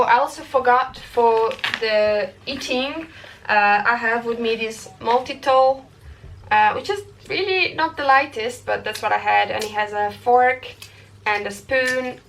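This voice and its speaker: A woman's voice: fairly high pitch, a bit bright, slight background noise. Chatty young woman filmed from a distance. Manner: chatty, many fillers and restarts. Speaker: hiking vlogger. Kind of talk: casual gear walkthrough. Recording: voice a little far from the mic.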